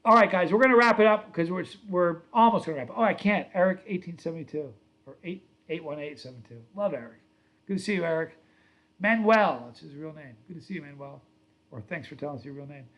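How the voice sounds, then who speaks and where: Middle-aged male stream host, a bit higher-pitched, loose rambling storyteller who chats with viewers. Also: quick pace, highs cut off. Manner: rambling, reads viewer comments aloud; storytelling, self-correcting. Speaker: livestream host. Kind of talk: casual livestream chat.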